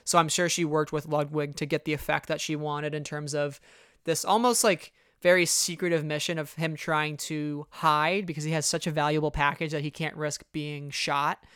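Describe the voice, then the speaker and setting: A podcast co-host talks through a fan recap in an animated, rambling way, leaning on "you know" and "like". The voice is smooth and clear at a middling pitch, and the sound is close and dry. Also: normal speed, no echo. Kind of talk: casual fan recap chat.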